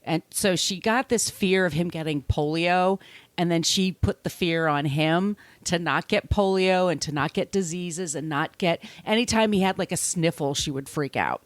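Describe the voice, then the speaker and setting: A woman's voice: on the low side, moderate pace, no room sound. A middle-aged woman co-hosting a podcast, telling a story in a chatty, profane way and often restarting her sentences. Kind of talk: casual storytelling chat.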